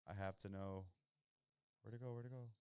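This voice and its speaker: A young man with a very low, smooth voice chats loosely about the football he is watching, dropping slang as he reacts to each play. The close mic gives a dry sound with no room around it. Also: steady tone, brisk, darkish tone, dry recording. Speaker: podcast host watching football. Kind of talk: casual live-watch commentary.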